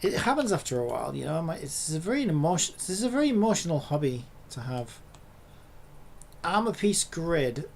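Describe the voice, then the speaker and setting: A man's voice: on the high side, big pitch swings, fairly quick, vocal fry. A man in a casual coding vlog who swears and rants in exasperation at his screen. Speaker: hobby programmer.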